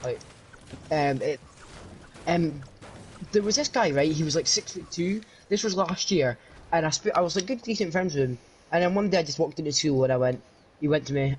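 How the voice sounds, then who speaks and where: A man's voice: fairly high pitch, brisk, slight background noise. A young man chatting casually with a friend, teasing and laughing a lot.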